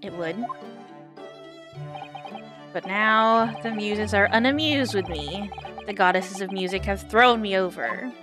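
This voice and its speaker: A woman voicing a gloomy, theatrical male detective who grandly mourns his lost violin playing, with game music clearly behind. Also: mid-range voice, slow pace, long pauses, natural voice. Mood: mournful. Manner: melodramatic, sighing, grandiose.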